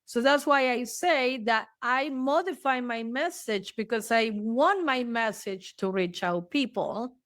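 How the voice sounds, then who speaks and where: A woman therapist talking frankly in an interview, swearing freely and choosing her words deliberately. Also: on the high side, a bit bright, dry recording. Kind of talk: casual interview talk.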